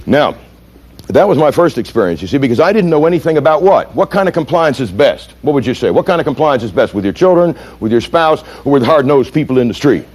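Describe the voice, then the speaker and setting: Lively american guy lecturing cops, quick and punchy, throws questions at the crowd. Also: medium pitch, husky. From United States. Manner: animated, punchy storyteller who asks the audience questions. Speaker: police trainer and lecturer. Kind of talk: storytelling lecture.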